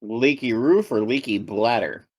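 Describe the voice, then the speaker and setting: A man's voice: medium pitch, unhurried, slightly rough, dry recording. A man voicing a teasing male gnome adventurer in a tabletop game, with a dry, mocking delivery.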